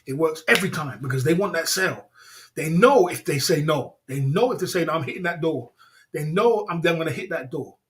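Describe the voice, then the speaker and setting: A man hosting a casual livestream, telling a story in an animated, repetitive way, laughing often and calling his listeners bro and man. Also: a little high, a little fast, a little hiss or hum. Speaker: livestream host.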